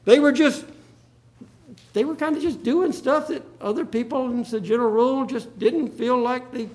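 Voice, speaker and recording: A man's voice: very high voice, normal speed. A male pastor preaching a sermon, acting out the Bible quotes with drama.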